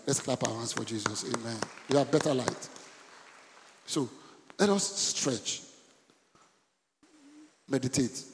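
A middle-aged man, preaching a sermon in animated bursts and asking the congregation questions. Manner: animated preaching with sudden high bursts and call-and-response questions. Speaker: pastor. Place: church hall. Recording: church hall with long reverb.

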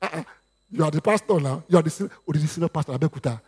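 A man's voice: on the high side, rapid-fire, a little hiss or hum. A man with a Nigerian accent preaching a sermon, slipping into Yoruba and acting out quotes. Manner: lively preaching with Yoruba asides and acted quotes. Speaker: pastor.

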